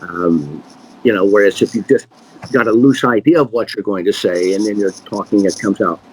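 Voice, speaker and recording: A middle-aged man, a magician, answering questions in a relaxed, rambling way with many fillers and restarts. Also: fairly low pitch, normal speed, husky, rough recording. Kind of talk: casual conversational Q&A.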